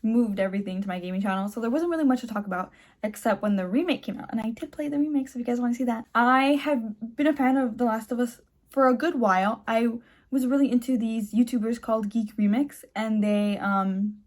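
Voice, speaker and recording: A young woman with a somewhat high voice talks through her reactions in a loose, rambling way, dropping "like" and "um" as she goes. She sounds eager and chatty, speaking into a phone at home late at night. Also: brisk, a little mellow. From Mexican heritage. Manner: chatty, filler-heavy, enthusiastic. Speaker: channel host. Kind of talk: casual reaction vlog.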